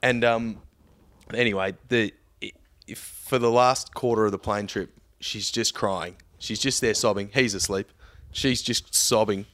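Animated Australian man telling a story. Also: unhurried. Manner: animated storyteller, mimics voices with loud high bursts. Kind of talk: casual chat.

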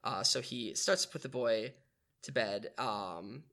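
A man's voice: medium pitch, a little slow, pushed and bright. A man co-hosting a podcast, telling and reading a story earnestly with some hesitant fillers. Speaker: podcast co-host. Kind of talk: casual chat and reading aloud.

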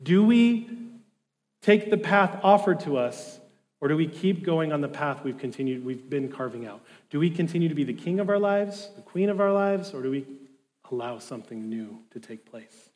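A man's voice: on the high side, expressive, moderate pace, a little mellow. A man preaching a sermon as a pastor, telling a story in a casual, enthusiastic way. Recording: long hall reverb.

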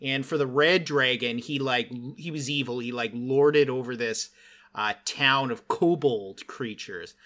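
A man hosting a casual talk, telling game-master stories with animated energy and many "like" fillers. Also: mid-range voice, unhurried. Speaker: podcast host and game master. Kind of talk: casual storytelling chat.

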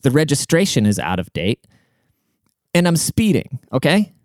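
A man's voice: on the high side, big pitch swings, normal speed, darkish tone, dry recording, studio quality. A young man from Washington State telling a story in a casual, rambling monologue, swearing often and checking in with his listener as he goes. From Washington State, USA. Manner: rambling, profane, conversational.

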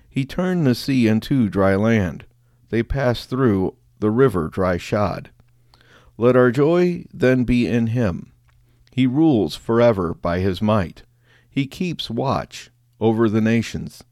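Low-voiced man chanting liturgical prayers. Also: darkish tone, no room sound, studio quality. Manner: measured chanting cadence, drops pitch on closing words. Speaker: prayer leader.

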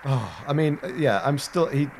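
A man's voice: mid-range voice, animated, a little slow, gravelly, darkish tone, a little hiss or hum. A man chatting wryly and casually while playing a game. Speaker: gamer. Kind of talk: casual gaming chat.

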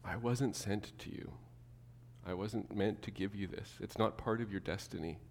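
A man preaching a sermon to his church, animated, acting out the people he quotes. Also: lowish voice, normal speed, gravelly, big-room sound, slight background noise. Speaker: pastor.

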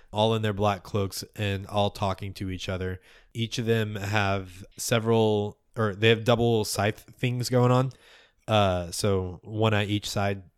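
A man narrating as game master in a tabletop role-playing game, describing scenes in a halting, descriptive way. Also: on the low side, clean tone, dry recording, studio quality.

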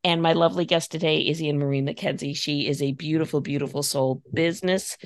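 Low-voiced enthusiastic woman podcast host. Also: steady tone, brisk, no room sound, clean studio sound. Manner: gushing, enthusiastic, talks in flowing run-on phrases. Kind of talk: casual podcast interview.

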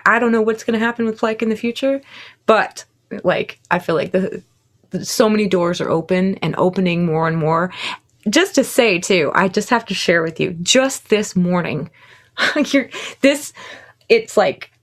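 Musician guest, woman, 30s. Excitable, animated storyteller, frequent laughter. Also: medium pitch. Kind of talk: casual interview chat.

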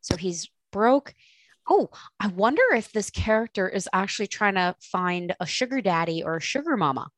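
A woman co-hosting a casual chat, playful and quick to joke. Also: medium pitch, lively intonation. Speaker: co-host.

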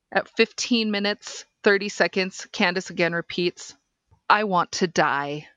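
A woman reads a case transcript aloud at an unhurried, deliberate pace, laying out each timestamp. Her voice is dry and close, with nothing of the room around it, and she sits at a middling pitch for a woman. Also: steady tone, fairly bright tone, no echo. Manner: measured, deliberate reading.

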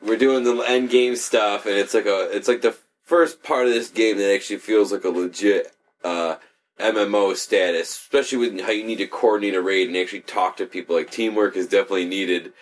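A man's voice: lowish voice, steady tone, brisk. A young man co-hosting a casual chat, telling rambling stories full of swearing and laughter. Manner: profane, laughing, rambling storyteller. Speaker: podcast co-host.

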